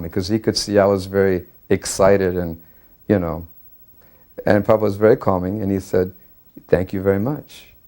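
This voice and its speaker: Earnest man with a halting delivery. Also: on the low side, a little mellow. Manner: earnest, halting, many fillers and restarts. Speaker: devotee recalling a memory. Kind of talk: recorded personal reminiscence.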